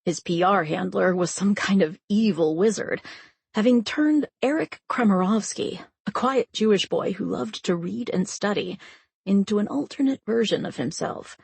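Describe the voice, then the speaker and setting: A woman narrating a romance audiobook in a measured, scripted style. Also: mid-range voice, lively intonation, vocal fry, darkish tone, husky, dry recording.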